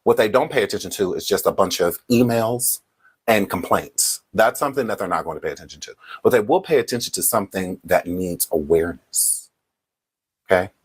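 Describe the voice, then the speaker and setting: A man's voice: sits low, fairly quick, breathy edge. A man hosting a casual livestream, speaking straight to his viewers and often checking in with "okay?". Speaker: livestream host.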